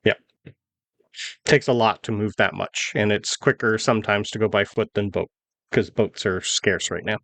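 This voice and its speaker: A man running a tabletop role-playing game, describing the scene in a casual, relaxed way with fillers. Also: lowish voice, normal speed. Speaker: game master.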